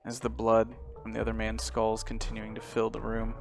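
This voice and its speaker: A man acting as game master, narrating a horror tabletop game in a low, measured way. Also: monotone, creaky, soft background music.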